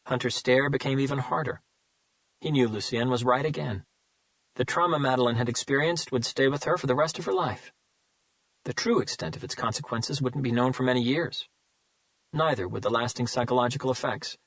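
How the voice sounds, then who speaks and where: A man narrates a dark crime thriller at a measured, calm pace. His mid-range voice stays controlled and dramatic, and the recording is dry and close, with no room around it. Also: medium pitch, no room sound, rough recording. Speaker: audiobook narrator. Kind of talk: scripted narration.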